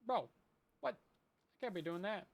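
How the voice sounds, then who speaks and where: A man's voice: high voice, lively intonation, unhurried, vocal fry. A man giving rambling, self-deprecating commentary while playing a survival game on a stream. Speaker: Minecraft streamer. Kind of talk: casual gameplay commentary.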